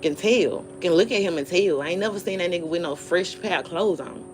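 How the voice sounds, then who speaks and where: A woman's voice: on the low side, a little fast, a little hiss or hum. Blunt, profane woman ranting on a livestream. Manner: blunt, profane, dismissive, animated storytelling. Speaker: livestream host. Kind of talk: casual live-stream rant.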